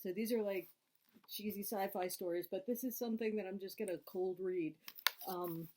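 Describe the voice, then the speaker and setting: A woman's voice: mid-range voice, fairly even intonation, normal speed, noisy background. A woman from Scotland reading an old science fiction story aloud at home, chatty and laughing, stumbling over some words. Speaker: reader. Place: home with dogs.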